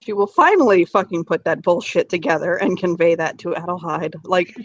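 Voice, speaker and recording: A player in a tabletop game, talking in an animated way with swearing and laughter. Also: medium pitch, a little fast, dry recording, dull audio. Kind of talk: casual tabletop game chat.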